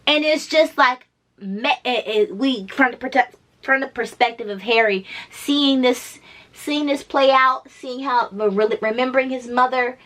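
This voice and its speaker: A woman's voice: high voice, unhurried, a bit bright. A woman vlogger giving casual reaction commentary, blunt and emphatic, swearing freely and repeating her points.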